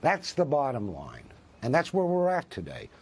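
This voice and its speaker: A man's voice: medium pitch, huge pitch swings, moderate pace, husky. A man, a professor, speaking as a guest in a news interview, arguing with passion and rhetorical questions. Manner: impassioned, argues with rhetorical questions.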